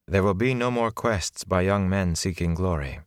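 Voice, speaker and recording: Stern sorceress lady, man reading her, low flat measured tone, dry close mic. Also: no room sound, natural voice. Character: calm stern woman sorceress, commanding. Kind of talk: audiobook character voice.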